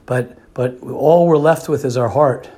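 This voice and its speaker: A man's voice: medium pitch, measured pace, warm tone. A man giving a sermon who repeats phrases for emphasis and often restarts his sentences. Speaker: religious speaker.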